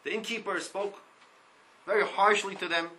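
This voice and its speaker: Male Torah teacher, high and forceful, reads Hebrew lines and translates each one, lively, repeats himself, faint background hiss. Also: moderate pace, poor audio. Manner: animated, repeats words. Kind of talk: Torah class.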